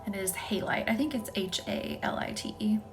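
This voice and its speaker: A woman's voice: medium pitch, wildly swooping pitch, fairly quick, creaky. Chatty woman whispering on a Reiki stream. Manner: chatty, reads and answers viewer comments by name, drops often into a soft whisper. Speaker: Reiki practitioner hosting a live stream. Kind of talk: casual live-stream chat with viewers. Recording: faint music behind.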